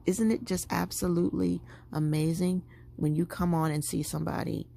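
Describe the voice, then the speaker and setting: A woman's voice: lowish voice, moderate pace, gravelly. A woman vlogger chatting casually to her viewers as she packs a handbag. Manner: chatty, animated, talking to viewers while packing a bag. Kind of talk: casual chat.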